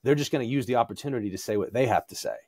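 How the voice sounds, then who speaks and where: A man talking as a podcast guest in a conversational theological discussion, animated, acting out quoted voices with frequent restarts. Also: medium pitch, racing, dry recording.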